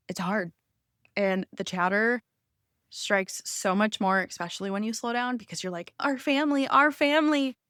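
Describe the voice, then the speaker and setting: A woman's voice: medium pitch, a bit bright, dry recording. A woman in her thirties hosting an unscripted personal podcast, talking in an open, heartfelt and rambling way, close to tears. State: emotional, near tears. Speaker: podcast host.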